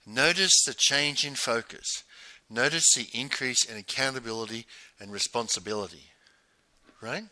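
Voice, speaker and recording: Bright, forceful male business coach. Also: mid-range voice, normal speed, dry recording. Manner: emphatic, repetitive, rhetorical questions. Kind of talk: motivational monologue.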